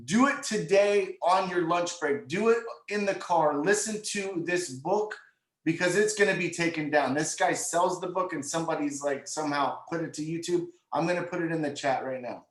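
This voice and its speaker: Hyped man on an echoey video call. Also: a little high. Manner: hyped, rapid, repeats himself. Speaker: co-host. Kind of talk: casual sales pep talk on video call.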